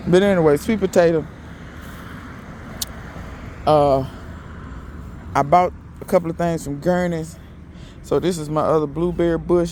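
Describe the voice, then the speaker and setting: Male gardening vlogger, folksy and chatty, a bit high-voiced, faint outdoor noise behind. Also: a little mellow. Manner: chatty, folksy, talks straight to viewers as y'all. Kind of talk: casual garden walkthrough vlog. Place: outdoors in a yard.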